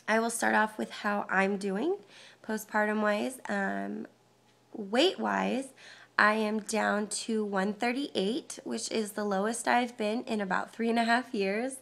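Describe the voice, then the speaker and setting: A woman's voice: mid-range voice, creaky. A young woman with a cold, sounding stuffy and congested, chatting casually through a vlog update with lots of ums and small laughs. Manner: rambling, frequent ums, soft laughs. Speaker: vlogger. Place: parents' house, indoors. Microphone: phone.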